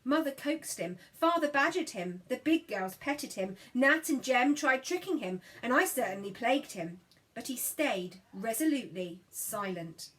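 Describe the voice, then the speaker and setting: Woman, audiobook narrator, fairly high pitch, expressive storytelling. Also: normal speed, rough recording. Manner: lively character voices in dialogue. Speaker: audiobook reader. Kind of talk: scripted narration.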